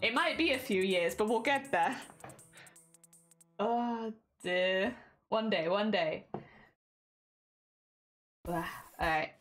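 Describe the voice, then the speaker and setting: With faint music in the background, a British craft livestreamer talks slowly in a mid-range voice, pausing often. She chats casually with her audience, laughs a lot, and mutters "oh dear" while reading the chat.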